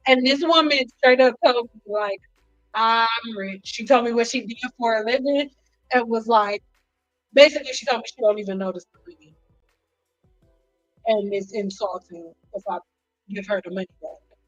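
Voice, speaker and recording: A woman hairstylist telling stories in a casual vlog, animated and acting out what people said. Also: on the high side, moderate pace, pauses often. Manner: animated, acts out quotes, frequent "like". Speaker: hairstylist vlogger. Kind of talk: casual storytelling to camera. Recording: dull lo-fi sound with faint music behind.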